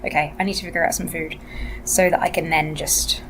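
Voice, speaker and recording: A tired woman vlogging casually from a hotel room into a laptop webcam, rambling and soft-spoken, sometimes drifting into whispers. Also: normal speed. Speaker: vlogger and actor. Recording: noisy low-quality webcam audio.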